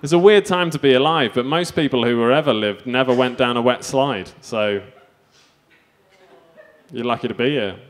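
A man's voice: medium pitch, moderate pace. A man doing a stand-up set, delivering self-mocking absurd one-liners. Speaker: stand-up comedian.

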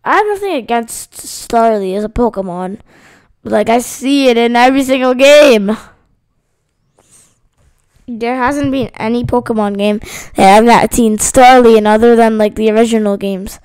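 A woman's voice: on the high side, moderate pace, darkish tone, smooth, no room sound. A tired woman casually commenting on a game she is playing, rambling and sarcastic, sometimes reading the game's lines aloud. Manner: rambling, sarcastic, self-interrupting. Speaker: gameplay streamer.

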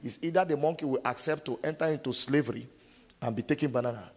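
A man preaching a sermon as pastor, asking the congregation to finish verses and acting out scenes with loud shouts. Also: mid-range voice, fast talker, breathy edge. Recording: long hall reverb.

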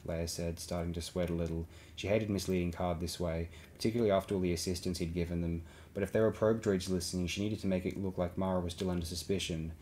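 A man narrating an audiobook in a steady, even reading voice. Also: deep voice, fast, few pauses. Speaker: audiobook reader.

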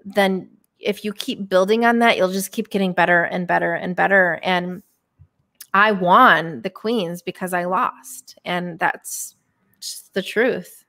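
In a casual podcast interview, a woman in her thirties who bowls professionally tells a heartfelt, candid personal story peppered with fillers and restarts. She has a fairly low, slightly bright voice and a measured pace.

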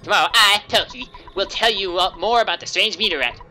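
A man putting on the voice of a loud, bratty neighbor boy in a video game. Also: sits high, a little fast, soft background music, voice pushed up. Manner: shouting, bossy.

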